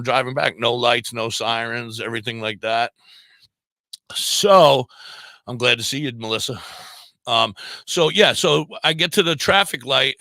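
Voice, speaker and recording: Animated male storyteller, bright voice. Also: medium pitch, dry recording. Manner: animated storyteller who acts out quoted voices. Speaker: podcast guest; volunteer fire police. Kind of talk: casual storytelling.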